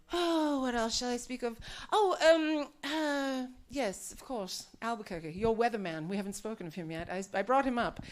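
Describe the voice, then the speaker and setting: Brash woman doing stand-up, higher voice. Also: animated, measured pace. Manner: brash, profane, teasing crowd work. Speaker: stand-up comedian. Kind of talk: live stand-up comedy. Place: comedy club stage.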